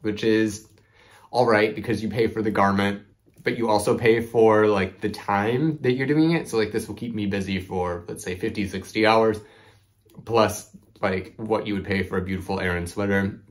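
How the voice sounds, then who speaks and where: Chatty low-voiced man talking knitting. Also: normal speed. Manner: chatty, rambling, frequent "like" and "um". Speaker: knitting podcast host. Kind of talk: casual chat to camera.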